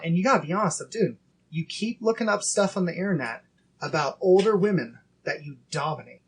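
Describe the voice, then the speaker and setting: A man in his thirties hosting a casual faith podcast, earnest and acting out inner dialogue in quick quoted bits. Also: a little high, husky. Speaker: podcast host.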